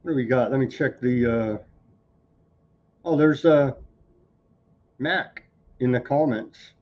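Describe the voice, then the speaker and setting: A man's voice: medium pitch, takes it slowly, dull audio. Sarcastic man hosting a rambling news stream. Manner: sarcastic, rambling, scornful asides. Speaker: news show host. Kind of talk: casual live-stream news commentary.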